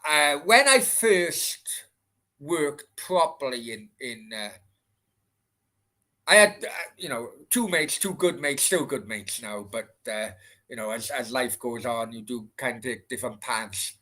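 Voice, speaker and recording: A man's voice: medium pitch, expressive, unhurried, bright, forceful tone. A man with a Welsh accent hosting a casual late-night livestream Q&A, rambling and swearing freely as he answers chat. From Wales. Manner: rambling, chatty, sweary, many restarts.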